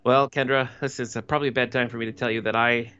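A man's voice: mid-range voice, level tone, fast, bright, forceful tone, clean tone. A man co-hosting a casual podcast, chatting through a TV episode in an easygoing way. He drops dry joking asides. The audio is slightly dull and lo-fi. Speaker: podcast co-host. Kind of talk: casual TV episode recap chat.

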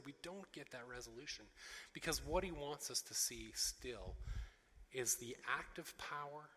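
Male pastor, earnest emphatic sermon, bright tone, reverberant sanctuary. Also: mid-range voice. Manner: earnest, emphatic preaching with many fillers and repeated phrases.

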